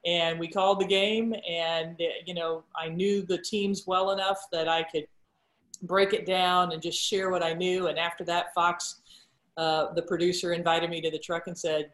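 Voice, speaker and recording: A middle-aged woman, a sportscaster and guest, telling stories about her career in a casual chat and acting out the quoted dialogue with lively energy. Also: lowish voice, normal speed. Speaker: guest broadcaster. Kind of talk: casual storytelling interview. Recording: roomy echo.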